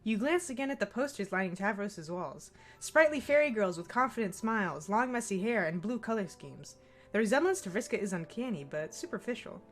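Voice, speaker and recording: A woman reads game narration aloud in the second person, with an expressive and playful delivery. Her voice sits at an ordinary middle pitch for a woman. She reads in the easy manner of a stream co-host. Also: brisk, soft background music. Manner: expressive, playful reading with frequent laughter. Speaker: co-host reading a visual novel aloud.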